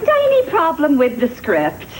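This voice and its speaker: A woman's voice: high voice, huge pitch swings, unhurried, exaggerated voice, poor audio. An actress playing a haughty, demanding female soap star in a sitcom. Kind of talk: sitcom acting. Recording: hissy TV audio.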